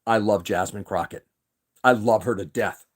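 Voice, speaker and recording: A man's voice: lowish voice, normal speed, slightly rough. A man from New England hosting a casual livestream, ranting with strong opinions and frequent restarts. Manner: opinionated, emphatic, restarts sentences often. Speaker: livestream host. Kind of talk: casual political rant on a livestream.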